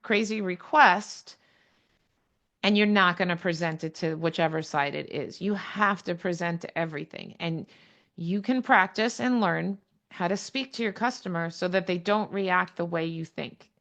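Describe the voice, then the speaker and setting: A woman runs a training session over a video call, talking frankly and bluntly with quick asides. Her voice sits low. It has a gravelly, fry-tinged edge. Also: fairly bright tone. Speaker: real estate trainer. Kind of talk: online training session talk. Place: home or office on a video call.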